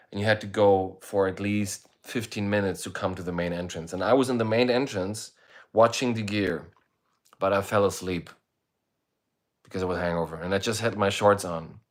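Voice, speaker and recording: A man with a fairly low voice tells a story on a live stream in an easy, casual way. He swears freely and acts out his own reactions with sudden loud bursts before dropping back to a relaxed tone. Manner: animated, profane, acts out his own past reactions loudly.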